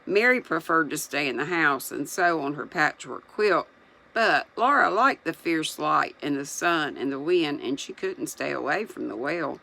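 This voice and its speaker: A reader reading a children's novel aloud, unhurried, pausing to muse aloud between passages. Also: mid-range voice, creaky, pushed and bright, low-quality recording.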